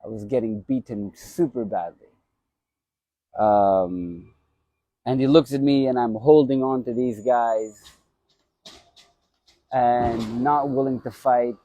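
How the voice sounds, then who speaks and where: A man who once boxed talks loosely on a live stream, circling back over the same phrases as he remembers. His voice is warm and mellow. The sound is dry and close, with no room around it. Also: medium pitch, steady tone, slow, long pauses, no room sound. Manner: rambling, repeats his phrases. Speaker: former boxer hosting a live stream. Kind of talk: casual live-stream reminiscence.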